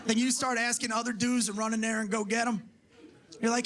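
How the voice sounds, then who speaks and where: Brash high-voiced male stand-up comic. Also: little pitch movement, a little fast. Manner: brash, profane, mocking, shouts and puts on voices for punchlines. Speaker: stand-up comedian. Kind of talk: stand-up comedy set. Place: comedy club stage with a laughing audience. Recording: live club recording with audible crowd ambience.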